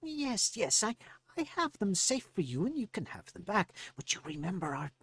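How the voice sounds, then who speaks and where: A man's voice: sits high, very animated, moderate pace, fairly bright tone, husky, pitched above the performer's own voice, heavily acted. A man voicing a secretive, scheming male gnome who holds another's belongings, speaking in a raised, evasive voice. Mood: sly.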